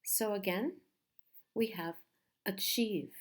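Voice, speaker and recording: A woman teaching a pronunciation lesson, speaking slowly and patiently and repeating each word carefully. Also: medium pitch, expressive.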